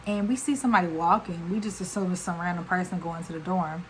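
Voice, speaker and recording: A woman's voice: fairly low pitch, fairly even intonation, fast, a bit bright, a little hiss or hum, rough recording. A woman telling a storytime on her vlog, chatty and slangy, running on with fillers. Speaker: vlogger. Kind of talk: casual storytime.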